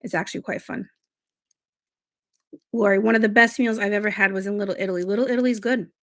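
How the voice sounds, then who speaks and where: A woman chats casually on a beauty livestream and reads out viewer comments as she goes. She rambles in a relaxed way. Her mid-range voice has a gravelly, fried edge. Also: mid-range voice, fast talker, dry recording, clean studio sound. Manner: chatty and rambling. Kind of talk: casual live-stream chat, reading viewer comments.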